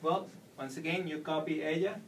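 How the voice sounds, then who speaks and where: A man's voice: on the high side, steady tone, normal speed, fairly bright tone. A man giving a whiteboard lesson as a Spanish teacher, explaining patiently step by step. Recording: distant mic with faint room noise.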